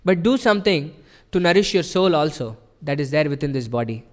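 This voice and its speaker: A man's voice: fairly high pitch, lively intonation, a little fast, in a large hall. A man giving an earnest devotional sermon at a temple, explaining patiently and often checking in with his listeners. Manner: earnest, explanatory, with frequent rhetorical "right?". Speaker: temple speaker. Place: temple hall.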